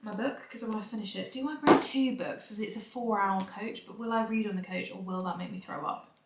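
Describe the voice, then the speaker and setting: A young woman vlogging in a relaxed, chatty way, talking straight to her handheld camera with quick asides. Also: mid-range voice, very noisy. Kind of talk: casual vlog chat. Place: home, then an outdoor restaurant. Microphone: handheld camera or phone.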